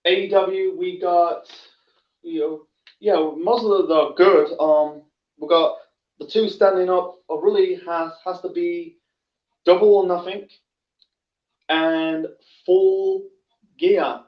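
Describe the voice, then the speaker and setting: A man talks casually on his own wrestling show, halting often and restarting his sentences. His voice sits high for a man. It comes from a bit back in an echoey room, on dull, lo-fi audio. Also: steady tone, far from the mic. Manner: halting, many fillers and restarts. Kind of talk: casual solo commentary.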